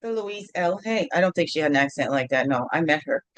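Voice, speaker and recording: A woman's voice: low-pitched, lively intonation, fast, no echo. A middle-aged woman hosting a casual morning video chat from home, playful and rambling, with sing-song bits. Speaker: host.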